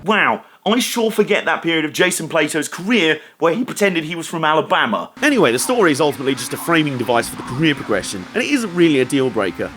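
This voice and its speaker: Brief: man, game reviewer, scripted narration, slightly high voice, wry and enthusiastic. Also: very animated, fast talker, hardly any pauses, fairly bright tone, slight background noise. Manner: wry, enthusiastic, sarcastic asides.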